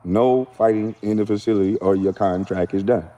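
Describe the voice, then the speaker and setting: A man's voice: lowish voice, fairly even intonation, brisk, mellow, muffled recording. A man in a played clip telling his side of a story bluntly and dismissively. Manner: blunt, dismissive, matter-of-fact. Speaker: former athlete in a played clip. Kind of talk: defiant storytelling.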